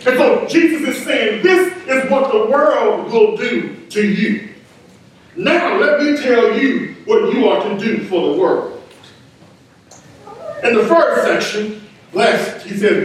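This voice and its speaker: A man's voice: high voice, animated, slow pace. A man preaching a sermon in a church, emphatic, repeating key words for stress. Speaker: pastor. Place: church sanctuary. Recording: echoey room, mic at a distance.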